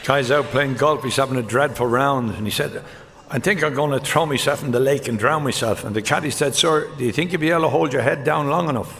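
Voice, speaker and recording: On stage at a live show, a man from Ireland tells one-liner golf jokes with a deadpan delivery and rapid character switches. His voice sits at medium pitch. The hall is reverberant, and the audience can be heard laughing.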